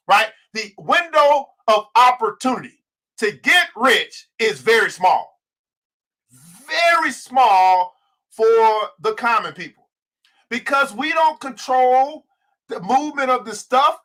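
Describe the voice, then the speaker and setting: A man's voice: very high-pitched, bright, forceful tone. A man hosting a livestreamed finance show, talking straight to his viewers and greeting them by name, in a fired-up, preacher-like way that stretches out key words. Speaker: host.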